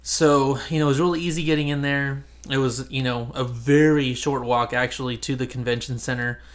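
Male podcast host, mid-pitched, rambling casual delivery with lots of fillers. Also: fairly even intonation, a little fast. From Central California. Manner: rambling, many fillers and restarts. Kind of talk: casual chat.

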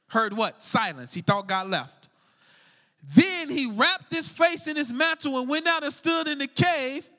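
A man preaching a lively sermon, swinging from shouts down to near whispers, full of casual slang. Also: very high-pitched, long reverb tail. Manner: energetic, shouting and dropping to a hush, casual slang. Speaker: pastor.

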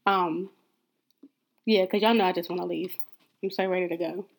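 A woman's voice: fairly low pitch, steady tone, normal speed, vocal fry. A woman co-hosting a casual podcast, chatty and joking, often laughing. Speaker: podcast co-host. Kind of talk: casual chat.

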